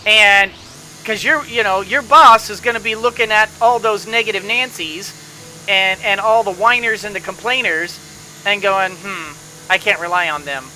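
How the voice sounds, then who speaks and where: Bright-voiced rambling gameplay commentator. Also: mid-range voice, normal speed, a little hiss or hum, poor audio. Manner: rambling motivational pep talk with many restarts. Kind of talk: casual let's-play commentary.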